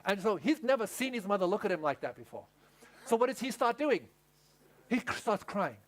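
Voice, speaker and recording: High-voiced preacher telling a story. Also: male voice, expressive, fairly quick. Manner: storytelling, asks the audience questions. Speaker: pastor. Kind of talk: sermon. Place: camp meeting.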